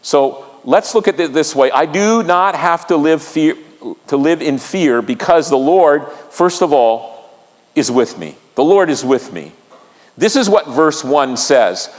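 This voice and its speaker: A man's voice: fairly high pitch, animated, unhurried. A male pastor preaching a sermon with vivid storytelling, drawing the congregation into the reading. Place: church sanctuary. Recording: long reverb of a church sanctuary.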